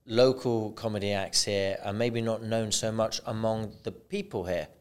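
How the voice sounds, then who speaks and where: A middle-aged British man hosting a podcast interview with a lowish, clear, resonant voice. He chats easily and tells stories with animation. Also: moderate pace. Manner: conversational storyteller, animated in anecdotes. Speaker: podcast host.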